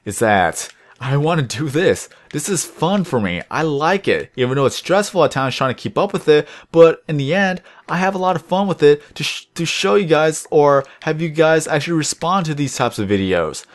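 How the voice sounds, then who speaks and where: A young man rambling through casual commentary over his gameplay video, deliberately lifting his voice above his natural low tone. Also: lively intonation. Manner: rambling, chatty, self-reflective. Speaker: gaming channel host.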